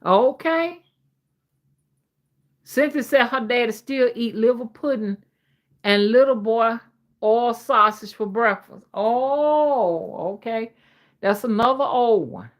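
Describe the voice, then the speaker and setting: Speaking slowly in a fairly high voice, a woman from Alabama with an old-fashioned Southern accent hosts a livestream. She chats casually and reads out viewers' comments folksily.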